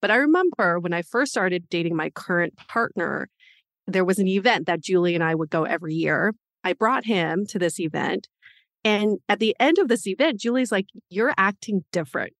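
A woman co-hosting a podcast, telling a personal story in a reflective, steady way. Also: mid-range voice, moderate pace, dry recording, clean studio sound. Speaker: dating podcast co-host. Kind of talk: casual chat.

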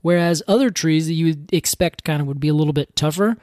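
A man with a somewhat high voice co-hosts a podcast in easy, chatty conversation. He teases his partner and laughs a lot, and his voice comes across close and dry. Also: fast talker, darkish tone, no echo. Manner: chatty, laughs often, teasing. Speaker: podcast co-host. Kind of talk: casual chat.

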